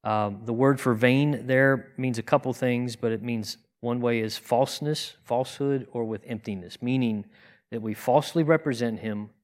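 A man with a mid-range voice speaks at a normal pace, delivering a conversational sermon as a teacher in his congregation. He is earnest and plain-spoken, poses rhetorical questions, and frequently restarts his sentences.

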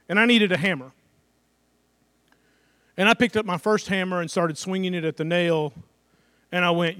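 High-voiced man preaching a conversational sermon. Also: lively intonation, brisk, pauses often, fairly bright tone, no room sound, studio quality. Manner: conversational preaching with acted-out asides and rhetorical questions. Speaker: pastor.

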